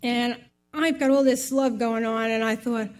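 Older woman, somewhat high-pitched, personal faith testimony, rambling, heartfelt, full of asides. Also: steady tone, unhurried, a little mellow. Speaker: speaker giving a personal testimony.

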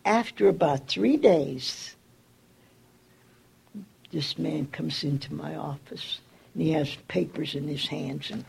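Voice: vocal fry, slightly rough. An older person telling a personal story, acting out the people in it with raised voices. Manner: acts out quoted dialogue with raised pitch. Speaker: storyteller recalling community work.

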